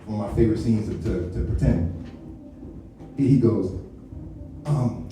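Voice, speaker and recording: A male comedian works a club stage, swearing freely and slipping into mock voices as he riffs. His voice sits a little high but has a mellow, dark tone. He is picked up from a distance, and a big echoing room rings behind every line. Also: moderate pace, long pauses, slight background noise. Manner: loose, swearing, slangy storytelling with mock impressions. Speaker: stand-up comedian. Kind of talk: live stand-up set. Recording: echoey venue picked up from a distance.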